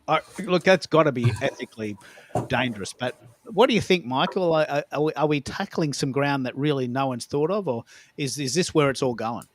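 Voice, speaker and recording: An Australian man hosting a casual chat, lively and joking. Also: a little high, fairly quick, no room sound. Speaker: host.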